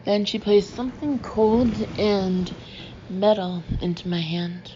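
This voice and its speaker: A woman narrating an audiobook in the first person, with a steady and measured delivery. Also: mid-range voice, lo-fi sound, a little hiss or hum.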